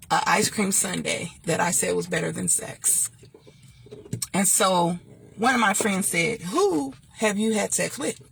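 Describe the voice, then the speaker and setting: A woman, chatting casually and sassily to viewers, preachy at times and laughing loudly. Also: gravelly, a little hiss or hum. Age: 50s. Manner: sassy, preachy, laughs loudly and swoops high when joking. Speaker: host. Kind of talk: casual livestream chat.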